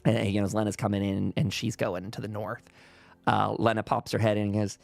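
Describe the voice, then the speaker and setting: Gravelly-voiced man running a tabletop game. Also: fairly low pitch, little pitch movement, fairly quick, no echo. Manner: rambling, lots of restarts. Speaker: game master.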